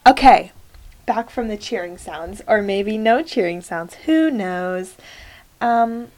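Young woman chatting on her own podcast, lots of ums, teases herself, mid-pitch voice. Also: animated, slow, darkish tone. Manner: chatty and self-joking, with many fillers. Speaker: podcast host. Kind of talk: casual solo podcast chat.

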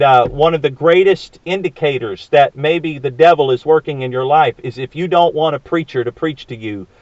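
A man's voice: on the high side, no room sound, lo-fi sound. A man preaching a sermon, earnest and emphatic, with frequent fillers and rhetorical questions.

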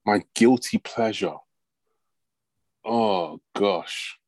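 A man chatting as a guest on a football podcast, animated when telling stories and saying "mate" a lot. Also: fairly low pitch, drawn-out words, no room sound, low-quality recording. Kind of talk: casual chat.

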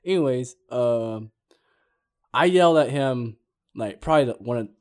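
Animated young man telling stories. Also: medium pitch, normal speed. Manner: animated storyteller, loud when acting out yelling. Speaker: podcast co-host. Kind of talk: casual chat.

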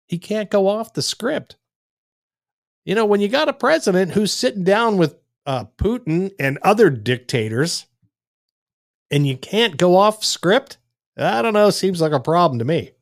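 A man's voice: mid-range voice, no room sound, clean studio sound. A man hosting a political commentary livestream, chatting casually and reading out viewer comments in a folksy, rambling way. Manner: folksy, chatty, with frequent fillers and asides.

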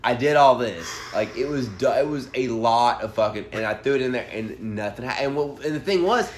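Swearing, animated young man telling a story. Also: medium pitch, a little fast. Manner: profane, animated, laughing storyteller. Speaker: podcast co-host. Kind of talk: casual storytelling chat. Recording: roomy room with faint background noise.

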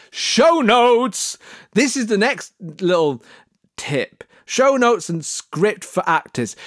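A man's voice: on the high side, dry recording, clean studio sound. A man giving podcast production tips in a jokey, mock-serious monologue, theatrical and full of sudden vocal swoops. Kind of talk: comic tutorial monologue.

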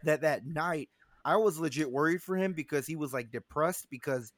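A young man telling a rambling story in a casual chat, slightly high voice and lively delivery. He curses freely and acts out the lines of the people in his tale. The sound is dry and close. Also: normal speed, no echo. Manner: animated storyteller, swearing, acting out quotes.

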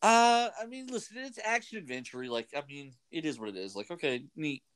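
A man's voice: fairly high pitch, animated, fairly quick, a bit bright, smooth. A man hosting a radio show, rambling casually with many fillers. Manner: rambling, chatty, lots of fillers. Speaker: radio host. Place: radio studio.

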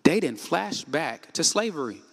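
A man preaching a sermon, asking the congregation questions and rising to shouts. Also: a little high, very animated, a little slow, vocal fry. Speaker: pastor. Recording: echoey hall with long reverb.

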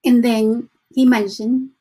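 A woman talking softly and unhurriedly to her viewers in a casual motivational chat. Her voice is airy and a little husky, with frequent restarts. She lingers over each phrase as she reads passages aloud. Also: fairly high pitch, level tone. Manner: soft, halting, with frequent restarts and slow deliberate reading. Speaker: self-help vlogger.

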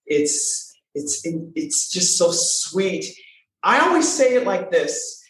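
A woman voice coach talks playfully, her pitch leaping up and down as she stresses her points. She repeats phrases for emphasis. The recording has a strong, roomy echo. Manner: animated, playful, emphatic repetition. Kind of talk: casual interview talk. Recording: very echoey room.

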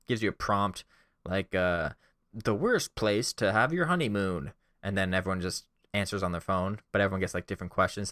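A man's voice: sits low, pushed and bright, no room sound, clean studio sound. A young man casually telling a self-deprecating personal story, rambling with lots of fillers.

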